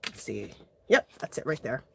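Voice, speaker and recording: A woman's voice: moderate pace, a bit bright, a little hiss or hum. A woman hosting a casual live art journaling tutorial, chatting to viewers as she works. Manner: chatty, addresses viewers as "you guys".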